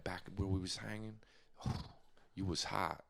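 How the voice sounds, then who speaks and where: A low-voiced male street charmer, as a man puts him on for a comedy bit. He murmurs quietly and breathily. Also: fairly even intonation, slow, gravelly, full character voice. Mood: seductive.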